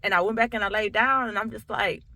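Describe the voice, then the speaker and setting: Bright-voiced, emphatic woman storyteller. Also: mid-range voice, fast talker, dry recording. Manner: emphatic, repetitive, conversational. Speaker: coach and sickle cell awareness speaker. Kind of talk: personal storytelling to camera.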